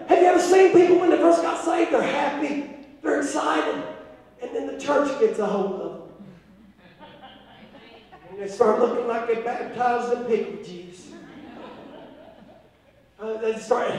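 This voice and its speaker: A man preaching a fervent sermon as pastor, rising at times to shouts. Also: very high voice, normal speed, long pauses. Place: church sanctuary. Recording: echoey church hall from far off.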